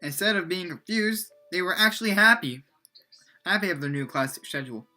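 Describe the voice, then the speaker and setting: A young man casually reading his own old story aloud, halting and self-mocking with many restarts. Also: sits high, lively intonation, pushed and bright, soft background music. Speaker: reader of his own book. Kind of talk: casual read-aloud with commentary.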